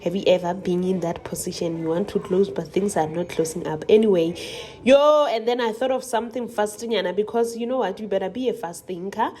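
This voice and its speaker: Speaking a little fast in a mid-range voice with a dark tone, a young South African cooking channel host narrates her casual vlog. She chats playfully with viewers while cooking, drifting into rambling asides.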